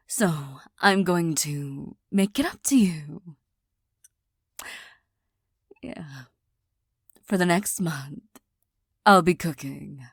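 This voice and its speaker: A woman in a soft, halting, apologetic whispered role-play as a girlfriend, recorded on a close mic. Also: deep voice, husky, no echo.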